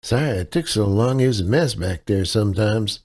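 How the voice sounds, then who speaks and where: A man's voice: lowish voice, lively intonation, normal speed, a little mellow. A man voicing a skinny young male desk clerk in his twenties, obliging and a bit fumbling. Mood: eager, helpful. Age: 20s.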